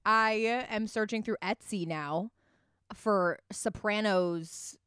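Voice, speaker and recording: A woman co-hosting a podcast in casual chat, chatty and quick, laughing easily. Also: medium pitch, a bit bright, smooth, no room sound, clean studio sound. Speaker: podcast co-host. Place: from the DC area.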